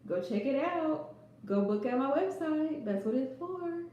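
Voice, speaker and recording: Woman tarot reader, high voice, sarcastic livestream chatter, mic set back in a very echoey room. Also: lively intonation, measured pace, warm tone, highs cut off. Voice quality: sarcastic, laughing often. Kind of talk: casual livestream chat.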